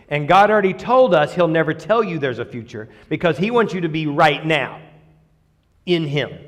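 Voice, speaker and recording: A man delivers a sermon in a church with a high, bright voice that swings widely up and down. He keeps it conversational and joking with the congregation, and a long reverb from the church hall trails every phrase. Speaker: preacher. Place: church sanctuary.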